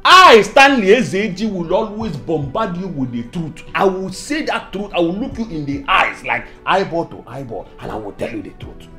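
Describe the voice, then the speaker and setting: Guy playing a loud nigerian friend, emotional and preachy, high lively voice, music behind. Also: fairly quick, few pauses. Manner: loud, animated, repeats words when worked up. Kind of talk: Nollywood film acting.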